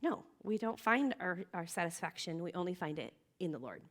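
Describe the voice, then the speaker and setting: A woman's voice: fairly low pitch, big pitch swings, fairly quick, a bit bright. A woman in her thirties speaking to teenage girls at a youth gathering, sharing her own story in an earnest, chatty way, full of fillers and restarts and close to tears at times. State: emotional. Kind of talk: personal testimony talk.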